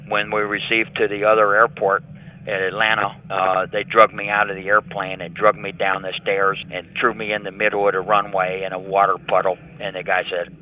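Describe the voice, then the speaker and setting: A man's voice: deep voice, little pitch movement, moderate pace. Older man over a tinny prison phone. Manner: matter-of-fact storyteller, acting out dialogue. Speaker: prison inmate interviewee. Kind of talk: recounting a story over a phone call. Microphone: prison telephone.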